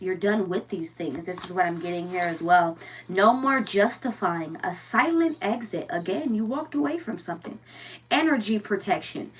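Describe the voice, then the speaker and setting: A woman's voice: medium pitch, husky, far from the mic. A woman giving a casual tarot reading, blunt and profane, firing rhetorical questions and repeating herself. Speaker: tarot reader.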